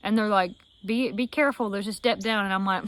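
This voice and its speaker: A woman's voice: medium pitch, a little fast. A young woman with a Southern US accent telling a story casually, acting out the voices she quotes. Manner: animated, acts out quoted voices. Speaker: vlogger.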